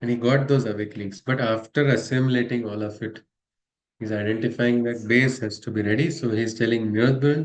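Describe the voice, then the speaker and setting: A man's voice: mid-range voice, steady tone, brisk. A man with an Indian English accent, reading spiritual letters aloud and explaining them in a conversational way, often ending on a tag question. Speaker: spiritual study-circle leader.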